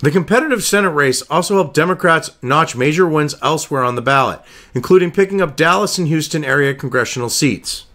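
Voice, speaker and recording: A man's voice: fairly high pitch, expressive, fairly quick, fairly bright tone. A man giving profane political commentary, ranting sarcastically and reading news excerpts aloud between crude asides.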